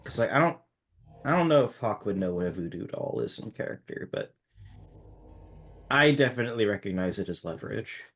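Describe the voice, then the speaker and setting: Deep-voiced man thinking aloud. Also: animated, brisk, pauses often, a bit bright. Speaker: player. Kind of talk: casual tabletop game chat.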